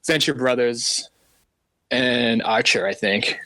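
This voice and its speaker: A man's voice: mid-range voice, slow pace, sharp tone, poor audio. A man with an Australian accent, a guest on a podcast, rambling casually with many fillers. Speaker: guest animator. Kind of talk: casual chat.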